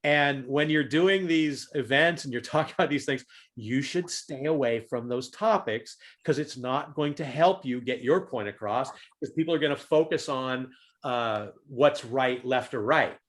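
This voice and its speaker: A man giving a talk on humor and leadership over a video call, animated and fond of loud acted-out demonstrations. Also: mid-range voice, a little slow.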